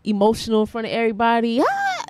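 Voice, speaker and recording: A woman's voice: medium pitch, a little fast, a little mellow, no room sound. Insistent, plain-spoken woman co-host. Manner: direct, insistent, explaining a point. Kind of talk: casual talk show conversation.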